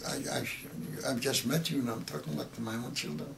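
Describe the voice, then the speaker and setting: Gravelly older man telling a halting story. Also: mid-range voice, slight background noise. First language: Yiddish. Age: 80s. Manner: halting, repeats words, emotional telling. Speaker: interviewee. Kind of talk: oral history interview.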